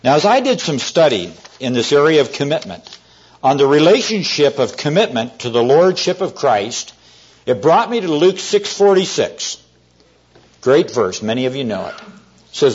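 A man preaching an evening sermon to a congregation, earnest and storytelling, often slowing down to stress key words. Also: on the high side, very animated, darkish tone, husky. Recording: dull lo-fi sermon recording.

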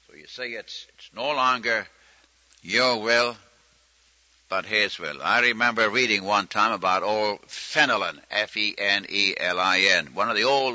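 A man's voice: lowish voice, pushed and bright, no echo. A man preaching a sermon in a folksy, storytelling manner, acting out quoted prayers. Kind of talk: sermon teaching. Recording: muffled lo-fi recording.

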